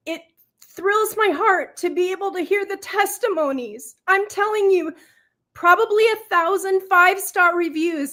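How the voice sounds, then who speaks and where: A woman's voice: very high voice, fairly bright tone. A woman guest giving an earnest, emotional, faith-filled testimonial, at times choked up. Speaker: guest, product seller.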